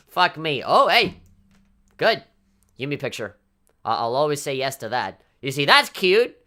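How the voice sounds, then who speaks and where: Low-voiced, swearing woman gaming commentator. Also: measured pace, long pauses, faint music behind. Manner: animated, swears often, mock-indignant outbursts. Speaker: let's play commentator. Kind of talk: casual gameplay commentary.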